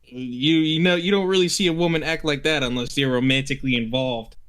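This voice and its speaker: A man's voice: mid-range voice, brisk, fairly bright tone, clear, resonant tone. A man casually playing his character in a tabletop game. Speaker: player.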